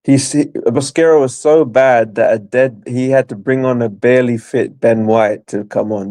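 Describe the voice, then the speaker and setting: Mellow-voiced man in dry, close football chat. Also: mid-range voice, normal speed, hardly any pauses, no echo. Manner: chatty, incredulous, laughs along. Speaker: guest. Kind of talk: casual football chat call.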